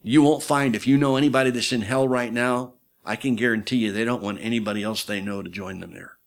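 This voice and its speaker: A man preaching a sermon, telling stories dramatically, swinging loud for quoted voices and dropping low for emphasis. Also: fairly even intonation, fast talker, vocal fry.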